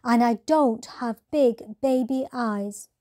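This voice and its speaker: A woman's voice: a little high, slow pace, warm tone, pitched above the performer's own voice. A woman voicing a small baby boy owl who protests and pouts. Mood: indignant. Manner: insistent, pouty protests.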